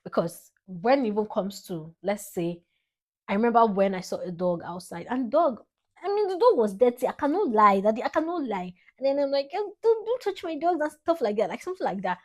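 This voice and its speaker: A young woman with a Nigerian accent speaks straight to camera, expressive and a little dramatic. She swings between soft, fond remarks and bursts of laughter as she thanks her father. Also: mid-range voice, fairly quick. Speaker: vlogger. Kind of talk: heartfelt tribute to her father.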